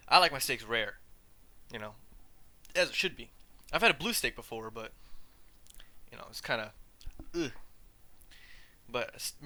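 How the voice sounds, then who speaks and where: A man's voice: medium pitch, pushed and bright, smooth. A man hosting a podcast, ranting casually in a rambling, profane way and trailing off into asides. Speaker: podcast host.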